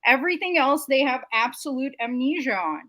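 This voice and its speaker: A woman's voice: sits high, expressive, brisk, bright, forceful tone, no room sound, rough recording. A woman hosting a political commentary show, making emphatic, indignant points in long lists. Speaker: show host.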